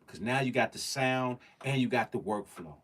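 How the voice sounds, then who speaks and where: A man's voice: medium pitch, expressive, moderate pace, fairly bright tone. A man hosting a casual livestream. He talks in slang, stresses his points, repeats phrases and speaks straight to his viewers. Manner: slangy, emphatic, repeats phrases, addresses the chat directly. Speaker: livestream host.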